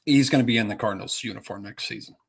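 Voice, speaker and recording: A man's voice: fairly low pitch, very fast, vocal fry, husky. A man co-hosting a sports podcast in casual chat, cursing freely and rambling with restarts. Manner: profane, rambling, with filler-heavy restarts. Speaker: podcast co-host.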